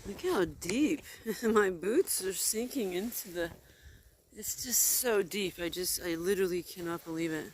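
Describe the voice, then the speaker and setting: A woman vlogging while house-sitting two pugs, talking breathlessly and cooing to the dogs in a high sing-song voice, filmed outdoors in snow on a handheld camera. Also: unhurried, slight background noise. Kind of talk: casual vlog chatter to dogs. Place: outdoors in deep snow, then indoors.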